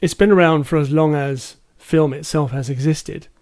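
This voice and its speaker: Hesitant, enthusiastic male podcaster, higher voice. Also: fairly even intonation, moderate pace, a little mellow. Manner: hesitant, many ums, enthusiastic. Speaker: podcast co-host. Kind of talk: casual film discussion.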